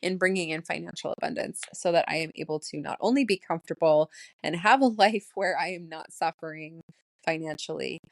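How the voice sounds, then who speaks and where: A woman's voice: low voice, no echo. Emotional woman in her late thirties, shaky voice. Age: late 30s. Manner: emotional, laughing through her words. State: voice shaking, close to tears. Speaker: podcast host. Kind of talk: solo spiritual diary podcast.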